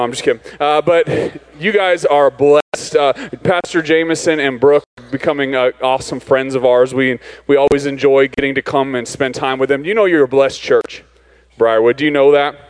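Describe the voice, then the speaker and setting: A man's voice: medium pitch, rough recording. A man from Arizona preaching as a visiting pastor in a church, joking with the congregation in a loose, conversational way. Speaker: guest pastor. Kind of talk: sermon. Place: church sanctuary.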